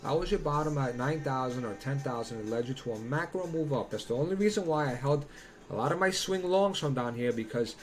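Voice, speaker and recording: A man's voice: medium pitch, lively intonation, brisk. A man doing casual crypto chart analysis, blunt and profane, who slips into heated rants. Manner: blunt, swearing, ranting.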